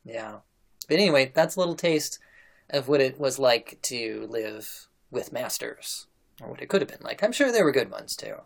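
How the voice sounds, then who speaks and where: A male podcast host retelling an old story in a relaxed, conversational way. He talks casually to his guests and laughs easily between lines. His pitch sits in a middle range. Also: moderate pace, vocal fry.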